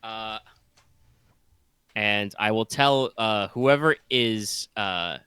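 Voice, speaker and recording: A man taking part in a tabletop session, working through his options out loud and hesitating often. His voice is fairly low but bright and forceful. It is recorded close and dry. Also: very slow, smooth, no room sound. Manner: thinks aloud, hesitant, full of fillers. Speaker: player. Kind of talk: casual tabletop play.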